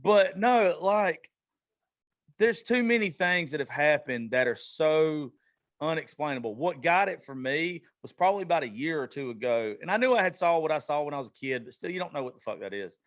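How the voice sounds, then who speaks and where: A male podcast host who talks in a loose, excitable way, swearing freely and breaking into quick asides. His voice sits a bit high for a man. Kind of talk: casual chat.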